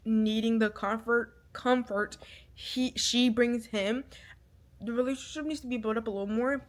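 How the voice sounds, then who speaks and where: A woman's voice: fairly high pitch, a bit bright. A young adult woman doing a book vlog, rambling with lots of fillers and getting emotional and irritated about the story. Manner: emotional, swings from irritated to teary. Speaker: book vlogger. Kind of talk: casual book review chat.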